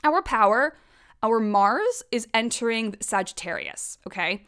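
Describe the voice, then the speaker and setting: A young woman hosting an astrology podcast, telling weekend stories in a chatty, animated way with some swearing. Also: on the high side, unhurried, smooth. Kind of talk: casual chat.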